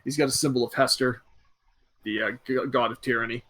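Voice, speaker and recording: A man narrating a tabletop game as game master in a casual, relaxed way. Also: medium pitch, fairly quick, no room sound.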